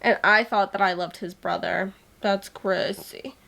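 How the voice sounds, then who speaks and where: A young woman vlogging casually about a book she is reading, gushing and excitable, often saying "like". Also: medium pitch, a little slow, gravelly, low-quality recording.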